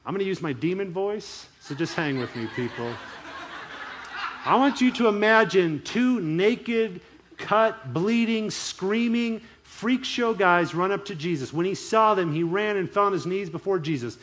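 A man preaching a sermon in an animated, emphatic way. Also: sits high, a little slow, slight background noise. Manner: animated, emphatic, chuckles often. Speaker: pastor.

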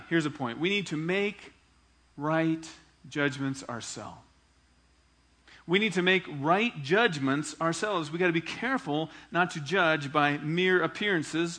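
Male pastor, animated sermon delivery, bright and somewhat high voice. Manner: animated preaching, acts out quoted dialogue.

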